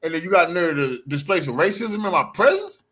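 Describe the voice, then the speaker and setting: A high-pitched, husky man livestreaming on his phone from a bar. He talks in an agitated, repetitive way, full of profanity and street slang, circling back to the same point again and again. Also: sing-song, fairly quick, fairly bright tone. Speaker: livestreaming vlogger. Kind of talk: heated livestream confrontation and recap. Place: in and around a bar.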